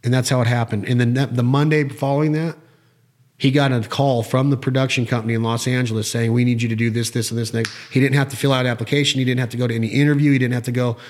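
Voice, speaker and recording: A man's voice: medium pitch, fast talker. A man co-hosting a casual talk show, telling a story with energy and acting out the people he quotes. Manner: animated storyteller, acts out quoted voices.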